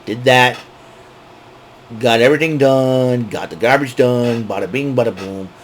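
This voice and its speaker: A man's voice: mid-range voice, a little slow, slight background noise. A man hosting a podcast, telling a long casual story that rambles, with many restarts and digressions. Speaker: podcast host. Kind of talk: casual monologue.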